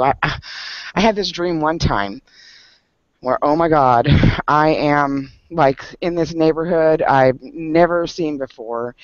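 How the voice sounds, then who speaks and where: This man's voice sits fairly high, and he's telling a story during relaxed conversation at his book club, laughing often along the way. His delivery is animated and full of fillers. The sound is dry, dull and lo-fi.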